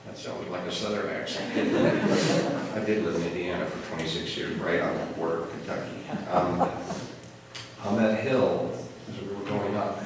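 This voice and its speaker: In a funeral chapel, a middle-aged man speaks earnestly and reflectively in memory of a relative, sharing some light laughter. His low voice holds a fairly even intonation at a moderate pace, captured from far off in an echoey, noisy hall.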